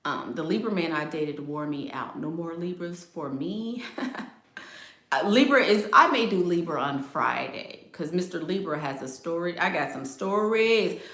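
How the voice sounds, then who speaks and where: The reverberant recording captures a middle-aged woman with a lowish, slightly bright, expressive voice at a measured pace. Hosting a casual live astrology chat, she reads comments, speaks emphatically, repeats herself for emphasis, and laughs frequently.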